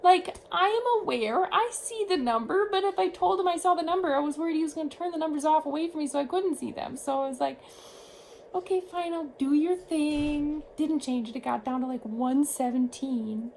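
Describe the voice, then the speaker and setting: A woman vlogging, casually telling a story to the camera in an animated way, shifting her tone as she retells events. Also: sits high, quick pace, vocal fry, few pauses, a little hiss or hum, low-quality recording.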